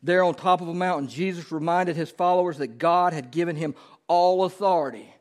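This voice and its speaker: A pastor preaching a conversational sermon, often turning to ask the congregation questions. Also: male voice, a little high, a little fast.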